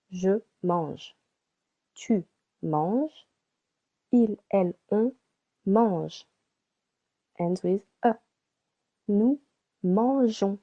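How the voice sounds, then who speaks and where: A woman teaching a beginner French lesson, slowly spelling out and repeating each word for practice. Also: mid-range voice, warm tone, highs cut off. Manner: slow and deliberate, repeats words for practice. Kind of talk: slow scripted language lesson.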